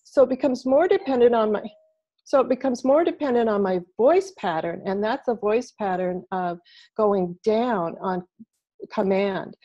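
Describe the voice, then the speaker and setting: A woman guest talking casually as a body language expert over a video call, animated and playing out little quoted voices. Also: mid-range voice, moderate pace. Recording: dull lo-fi video call audio.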